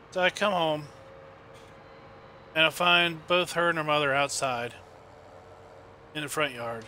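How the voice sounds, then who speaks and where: Rambling game streamer, a man with a fairly high, very bright voice, quiet hum behind. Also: normal speed, pauses often. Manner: rambling, chatty, with many fillers. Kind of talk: casual gameplay chat and storytelling.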